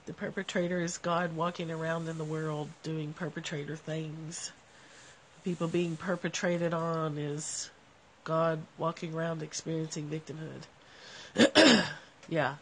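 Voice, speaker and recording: A woman with a nasal, gravelly voice chats casually to her live viewers about spiritual ideas. She sounds relaxed and reflective, laughs often, and talks into a phone, with a faint hiss underneath. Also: deep voice, unhurried. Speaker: live stream host.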